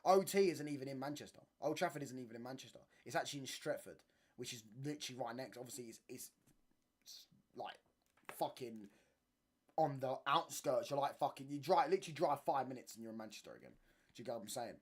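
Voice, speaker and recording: A man's voice: mid-range voice, fast talker. A young man, hosting a casual livestream, rambling in slangy talk and often asking "you get what I'm saying". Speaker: channel host. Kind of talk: casual livestream chat reading comments.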